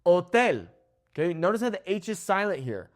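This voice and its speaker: A young man teaches Spanish pronunciation straight to the camera. His pitch swings widely as he models each word slowly. He keeps checking in with a quick "okay?" between words. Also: big pitch swings, soft background music. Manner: slow, drawn-out model words, frequent "okay?" check-ins.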